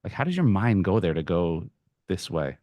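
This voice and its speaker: Very deep-voiced male interviewer. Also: very animated, normal speed, no echo, dull audio. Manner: enthusiastic, rambling questions. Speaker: interviewer, street photographer. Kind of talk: casual interview conversation.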